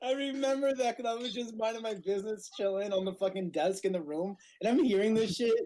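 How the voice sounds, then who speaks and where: A man's voice: high voice, fast talker, mellow. A man co-hosting a podcast, chiming in casually with corrections and swearing as he chats. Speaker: podcast co-host, band member. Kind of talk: casual chat.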